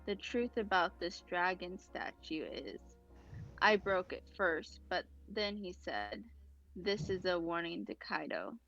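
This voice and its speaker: A woman's voice: medium pitch, fairly bright tone, muffled recording. A woman co-hosting a podcast, casually describing comic panels and reading out the dialogue, hesitant with many ums. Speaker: podcast co-host.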